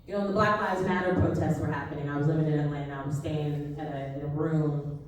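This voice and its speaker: A woman's voice: low voice, steady tone, quick pace, a little mellow. A young American woman doing a stand-up comedy set, talking in a wry, conversational way and laughing at her own punchlines. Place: comedy club stage. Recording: echoey club, mic at a distance, faint hum.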